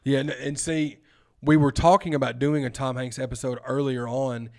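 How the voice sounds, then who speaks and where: A man's voice: mid-range voice, level tone, normal speed, gravelly, darkish tone. Easygoing man in casual podcast chat. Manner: easygoing, filler-heavy, says "dude" and "man". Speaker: podcast co-host.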